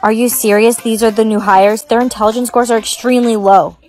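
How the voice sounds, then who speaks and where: Give me a slightly high text-to-speech woman reading skit side parts evenly. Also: fairly even intonation, brisk, darkish tone.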